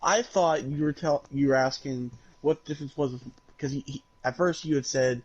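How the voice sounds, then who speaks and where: A man with a somewhat high voice co-hosting a casual podcast. He grumbles with frustration, swears often and laughs between complaints. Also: moderate pace, highs cut off. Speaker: podcast co-host. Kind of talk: casual chat.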